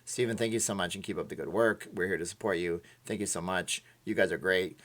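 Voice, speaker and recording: A man hosting a casual livestream, chatting in a rambling way and laughing between remarks, his voice slightly hoarse. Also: low-pitched, a little fast, fairly bright tone. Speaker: livestream host.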